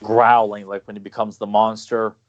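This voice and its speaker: Low-voiced guy gushing about old cartoons on a podcast, lots of restarts, kinda dull lo-fi audio. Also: level tone. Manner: enthusiastic, halting with many restarts. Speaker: podcast guest. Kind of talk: casual podcast chat.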